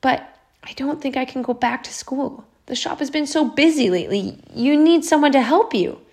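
A woman's voice: high voice, normal speed, a little mellow, pitched above the performer's own voice. A woman reading a storybook, voicing an earnest, eager young male woodcarver talking to his father. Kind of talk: storybook narration.

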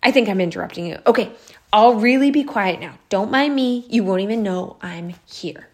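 A woman reading a storybook, voicing an excitable young woman who rambles and gushes. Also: medium pitch, moderate pace, lightly acted. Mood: bubbly. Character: bubbly chatty young woman job seeker. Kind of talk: storybook narration.

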